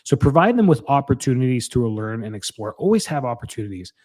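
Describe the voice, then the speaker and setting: A man's voice: mid-range voice, big pitch swings, fast talker, darkish tone. A man in his thirties hosting a solo podcast, talking in an earnest, rambling way and often correcting himself. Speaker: podcast host. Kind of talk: casual solo podcast talk.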